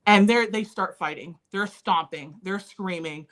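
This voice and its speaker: A woman's voice: medium pitch, a little slow, a bit bright. A woman in her thirties, an interview guest, candidly and earnestly recounting painful family memories. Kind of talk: personal storytelling in a conversation.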